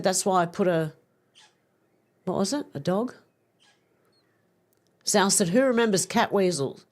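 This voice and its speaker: A middle-aged woman hosting a relaxed livestream, reading out viewer comments in a chatty, giggly way. Her voice sits at an ordinary middle pitch. It sounds like an easygoing one-woman stream picked up on a streaming mic. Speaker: livestream host.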